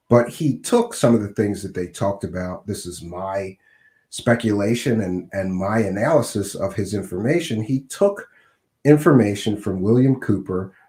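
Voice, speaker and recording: A middle-aged man hosting a podcast, hoarse and scratchy from a cold, talking casually with many fillers. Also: fairly low pitch, a little mellow, roomy sound. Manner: conversational, with frequent uh and um fillers. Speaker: podcast host.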